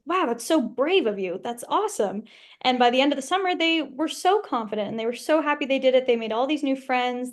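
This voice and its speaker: A young woman, a guest actress, telling stories in a bubbly, laugh-filled way during a casual interview. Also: a little high. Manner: bubbly, laughs often, storytelling.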